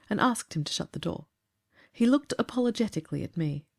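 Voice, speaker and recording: A woman narrates a classic tale in a composed, even storybook reading. Her voice sits a little low and stays steady through the descriptions. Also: fairly quick.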